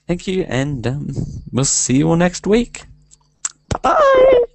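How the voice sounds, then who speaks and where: Gravelly rambling male podcast reviewer. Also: a little high, unhurried, a little mellow, poor audio. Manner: rambling, hesitant, self-amused, lots of fillers. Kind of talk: casual rambling review segment.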